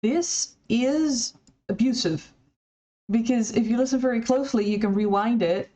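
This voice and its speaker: A woman's voice: on the high side, moderate pace, warm tone. A woman commenting critically on recorded clips in a conversational, somewhat hesitant way. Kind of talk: video commentary.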